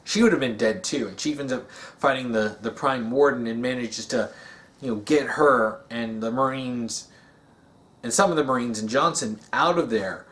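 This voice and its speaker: Rambling man with mid pitch. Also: moderate pace, a bit bright. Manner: rambling, many fillers and restarts. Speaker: video essayist. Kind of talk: casual monologue.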